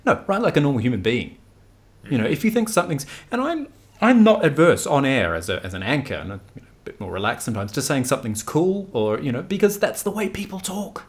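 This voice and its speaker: A man in his forties, a news anchor, talking in an interview in an animated, emphatic way, often correcting himself mid-sentence. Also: mid-range voice, fast. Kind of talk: conversational interview.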